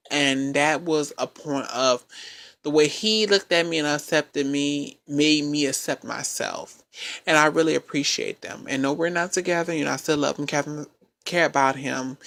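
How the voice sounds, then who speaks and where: A man with a high-pitched voice telling a personal story in a casual chat, acting out the quoted lines. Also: vocal fry, no echo. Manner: animated storytelling, acts out quotes. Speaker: podcast co-host.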